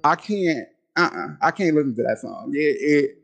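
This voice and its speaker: Animated man with a wildly swinging voice. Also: normal speed, creaky. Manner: animated and excitable, repeats words, breaks into high laughs. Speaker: podcast co-host. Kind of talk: casual chat.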